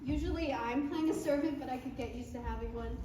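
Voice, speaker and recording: A woman acting out a cruel young stepsister in a stage farce, very high-pitched and snide, hamming up every insult. She sounds far from the mic in a very echoey hall, with faint room noise behind. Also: a little fast, warm tone, lightly acted. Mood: bratty. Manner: snide, bratty, hammy. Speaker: stage actor. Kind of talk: live stage comedy.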